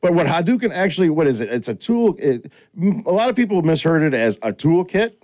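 A man's voice: on the high side, fairly quick. A middle-aged man hosting a casual chat, telling stories and acting out quoted lines. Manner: animated storyteller, acts out quoted lines. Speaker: podcast host.

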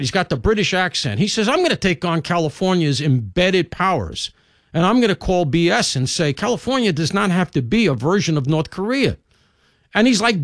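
A man hosting a talk radio show, delivering an animated, opinionated monologue with conversational asides. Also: on the high side, no room sound, clean studio sound. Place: radio studio.

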